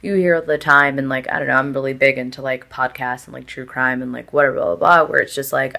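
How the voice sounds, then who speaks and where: A woman's voice: extremely low pitch, steady tone, fast talker, gravelly, hardly any pauses, sharp tone. A young woman chatting candidly as a podcast guest, full of filler words and casual swearing.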